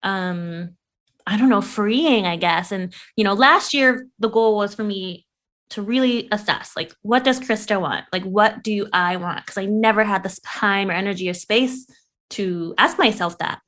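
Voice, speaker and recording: A young woman chats on a podcast in an easygoing, playful way. She laughs often and swears without a second thought. Her voice sits at an ordinary middle pitch. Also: a little slow, a bit bright. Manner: giggly, swears freely, playful. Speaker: podcast co-host. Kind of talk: casual podcast chat.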